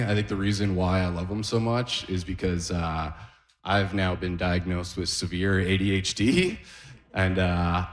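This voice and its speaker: Laid-back low-voiced man doing stand-up. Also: roomy sound. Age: 30s. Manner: laid-back deadpan delivery with chuckles. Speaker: stand-up comedian. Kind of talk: stand-up comedy set. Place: club stage at an open mic.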